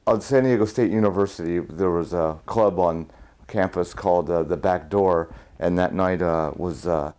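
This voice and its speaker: Man, very deep voice, halting recollection. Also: a little mellow. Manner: slow, halting with fillers. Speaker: interviewee. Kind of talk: documentary interview recollection.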